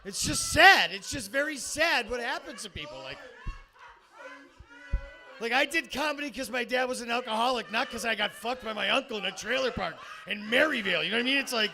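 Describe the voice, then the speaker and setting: Brash, high-voiced stand-up comic. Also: male voice, creaky, sharp tone. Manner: rambling, crude, crowd-baiting, full of fillers. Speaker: stand-up comedian. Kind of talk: stand-up comedy set. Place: comedy club.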